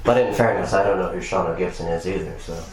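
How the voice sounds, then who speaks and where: A man from Ireland performing spoken-word poetry and deadpan jokes at a live bar gig, with rapid rhyming delivery. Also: deep voice, distant mic, a crowd in the background. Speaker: poet and comedian. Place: bar function room. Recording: echoey live room.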